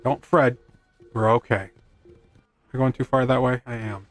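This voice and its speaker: Over soft background music, a gaming streamer with a mid-range, steady voice talks at normal speed. His commentary is rambling and casual, full of self-deprecating quips and chatter aimed at his in-game horse.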